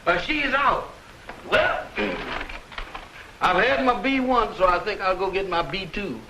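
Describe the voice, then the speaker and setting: A drawling, high-voiced comic helper. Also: male voice, unhurried, noisy background. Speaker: bookie's errand man. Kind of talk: 1940s film comedy dialogue.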